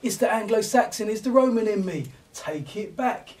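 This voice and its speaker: Man, spoken word poet, rhythmic rhyming flow, bright high voice, distant mic. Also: lively intonation, normal speed. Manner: rhythmic, rhyming delivery with cockney slang. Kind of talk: spoken word poetry performance. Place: event venue.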